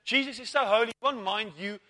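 A man voicing an impatient man in a crowd who dismissively tells a beggar to hush. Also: very high-pitched, fast talker. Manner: dismissive, shushing. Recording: long church reverb.

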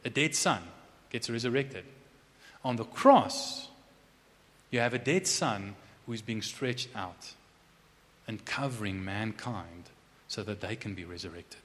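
A man preaching a sermon who drops to a hushed, intense tone and then rises to loud, emphatic proclamation, repeating key phrases for emphasis. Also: fairly low pitch, animated, a little slow, pauses often. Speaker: pastor. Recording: long reverb of a large hall.

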